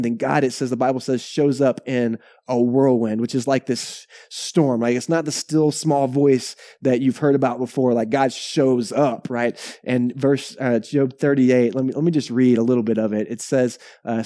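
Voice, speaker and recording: A male pastor preaching a sermon in a conversational, animated way, often checking in with "right?" and repeating words. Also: mid-range voice, no room sound, studio quality.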